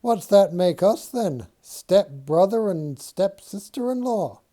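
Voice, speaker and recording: Teasing young suitor read by a man, storybook, mellow and unhurried. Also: sits high, animated, pitched above the performer's own voice. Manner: playful, teasing. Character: young Quaker man, bold chatty suitor.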